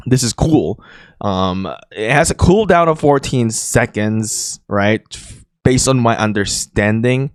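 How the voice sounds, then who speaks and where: A man of middle pitch hosting a gaming video in a loose, chatty way, talking through what he clicks on screen with fillers and restarts. His voice sits close and dry on the mic, with no room around it. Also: dry recording. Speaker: gaming channel host. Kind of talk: casual game commentary.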